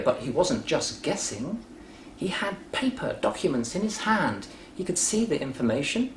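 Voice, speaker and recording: A man teaching English grammar by telling a short story, patient, clear and deliberate. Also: on the high side. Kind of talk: explaining grammar through a story. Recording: roomy echo with faint background noise.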